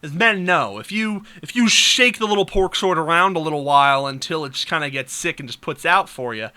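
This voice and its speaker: A young man vlogger telling a crude comic story, animated and fond of mimicking voices. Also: a little high, brisk, clear, resonant tone. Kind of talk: comedic storytelling vlog.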